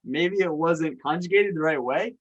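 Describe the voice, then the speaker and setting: A man's voice: on the high side, moderate pace, husky, highs cut off. Easygoing male podcast host. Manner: easygoing, agreeable, frequent fillers. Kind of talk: casual interview chat.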